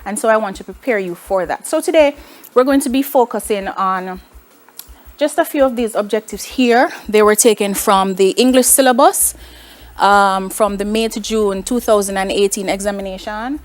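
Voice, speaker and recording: Woman, Jamaican accent, teacher, recorded online class, clear measured explaining, rhetorical questions, medium pitch.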